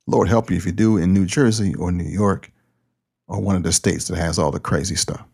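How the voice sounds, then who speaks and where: A man's voice: low voice, steady tone, a little fast, creaky, a little mellow, slightly rough. A man who hosts a podcast and pastors a church, talking in a loose, plain-spoken, conversational way. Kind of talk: casual podcast talk.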